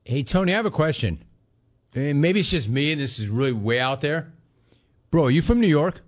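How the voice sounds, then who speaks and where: A middle-aged man hosting a sports call-in radio show, telling stories in an animated, joking way. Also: on the high side, a little fast. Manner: animated, jokey storytelling. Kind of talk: casual call-in radio talk.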